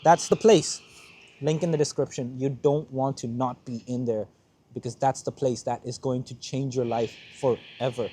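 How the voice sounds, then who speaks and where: A man's voice: medium pitch, fairly even intonation, normal speed, mellow, a little hiss or hum. A young man hosting a motivational podcast, speaking earnestly in a heartfelt monologue and repeating his points for emphasis. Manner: earnest, repeats himself for emphasis, close to tears at times.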